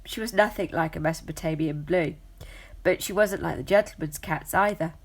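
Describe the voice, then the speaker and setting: A woman reads a storybook aloud in a steady, measured way. Her voice sits low and carries a gravelly, husky grain. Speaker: narrator.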